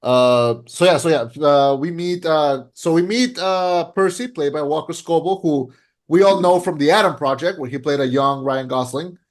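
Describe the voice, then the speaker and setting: A man's voice: on the high side, normal speed. A young man hosting a podcast in casual chat, rambling with lots of "like" and restarting his sentences. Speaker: podcast host.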